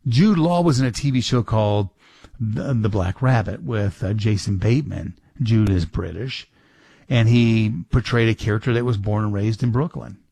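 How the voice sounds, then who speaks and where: A man's voice: on the low side, normal speed, gravelly, mellow, husky, dry recording. A middle-aged man hosting a talk radio show, rambling casually with many restarts and fillers.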